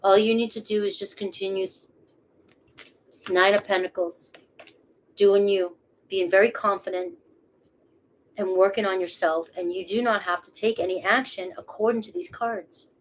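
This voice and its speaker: A woman with a Boston accent hosts a live tarot reading, talking in a loose, chatty way and swearing now and then. Her voice sits at an ordinary middle pitch for a woman. A faint hiss of background noise runs under the recording. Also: steady tone, normal speed, pauses often. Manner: casual, chatty, swears freely. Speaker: tarot reader.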